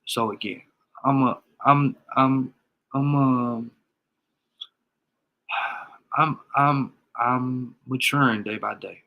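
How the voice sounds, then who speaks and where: A man's voice: mid-range voice, fairly even intonation, takes it slowly, pauses often, phone-quality sound. A man speaking to his followers in a casual vlog as an emotional father, his voice crackling as he stumbles and repeats words.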